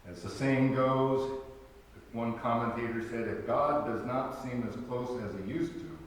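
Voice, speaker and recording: A man's voice: mid-range voice, steady tone, a little slow, a little hiss or hum. A man, a pastor, preaching a sermon in a conversational way, with wry humor and emphatic rhetorical questions. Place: church sanctuary. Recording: very echoey church hall, from far off.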